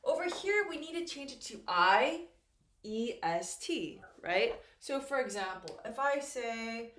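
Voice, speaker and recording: A woman with a fairly high, bright voice and lively intonation teaches English a little slowly, patiently explaining grammar. She repeats key words and checks that her students are following in this clear classroom lesson. The room is echoey.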